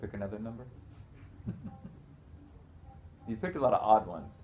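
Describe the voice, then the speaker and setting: A man's voice: lowish voice, lively intonation, rapid-fire. A man teaching rhythm in a one-on-one music lesson, patiently explaining step by step and counting beats and chanting rhythm syllables aloud. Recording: noisy room recording.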